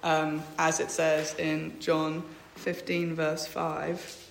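A young woman tells her faith story in a flat, level voice, pausing often and filling gaps with ums. She reads verses aloud between her own thoughts. The room around her gives a clear echo. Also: low-pitched, a little hiss or hum. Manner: hesitant, many ums, reads out Bible verses. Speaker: speaker sharing a faith testimony. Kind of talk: personal faith testimony. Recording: echoey room.

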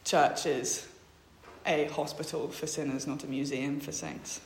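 A woman's voice: deep voice, little pitch movement, a little slow, a little hiss or hum. A woman in her twenties gives a personal faith testimony. She speaks hesitantly with many filler sounds and reads Bible verses aloud. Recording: echoey room.

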